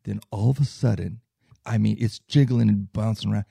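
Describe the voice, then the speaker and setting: A man's voice: fairly low pitch, steady tone, a little fast, vocal fry, mellow, husky, no room sound. A man telling a long personal travel story in casual chat, rambling with many fillers and tag questions. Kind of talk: casual anecdote.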